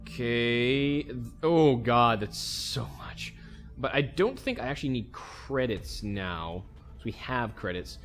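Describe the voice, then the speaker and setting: A man's voice: mid-range voice, big pitch swings, takes it slowly, fairly bright tone, soft background music. A man hosting a let's play, casually thinking aloud as he plays a strategy game. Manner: easygoing, thinks aloud while playing. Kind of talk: casual gameplay commentary.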